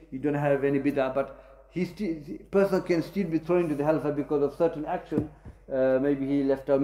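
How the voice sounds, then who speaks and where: A man's voice: fairly high pitch, warm tone. Man teaching in an echoey mosque. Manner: explains in short repeated phrases, frequent fillers. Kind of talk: lesson Q&A with students. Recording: echoey room.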